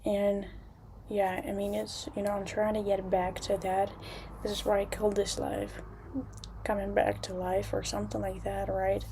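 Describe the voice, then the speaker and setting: Gravelly low-key woman livestreaming at home. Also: little pitch movement, slight background noise. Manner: halting, restarts often, soft at times. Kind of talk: casual livestream chat. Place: home room with curtains.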